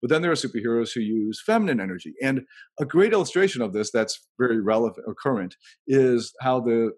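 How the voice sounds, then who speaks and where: Husky-voiced man thinking aloud. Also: medium pitch, expressive, fast, darkish tone. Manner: rambling, thinks aloud while telling anecdotes. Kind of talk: casual podcast conversation.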